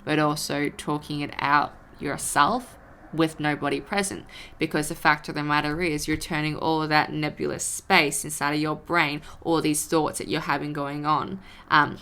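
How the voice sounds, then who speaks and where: A young woman chats casually on her vlog, rambling from thought to thought and acting out her own frustrated rants. Her voice sits low with a gravelly fry, but it carries a bright, forceful edge. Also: level tone, normal speed. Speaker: vlogger. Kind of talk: casual talk to camera.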